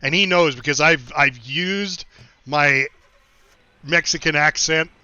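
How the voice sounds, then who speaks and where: Middle-aged American man, easygoing streamer chat, bright and slightly high, dry dull sound. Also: takes it slowly, clear, resonant tone, no room sound. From United States. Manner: easygoing, laughs often, rambling with restarts. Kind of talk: casual chat while gaming.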